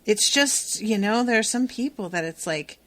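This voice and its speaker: A woman's voice: medium pitch, animated, normal speed, a bit bright. A woman co-hosting a podcast, chatting casually and retelling scenes with acted-out quotes and frequent laughs. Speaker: podcast co-host. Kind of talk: casual chat recapping a TV episode.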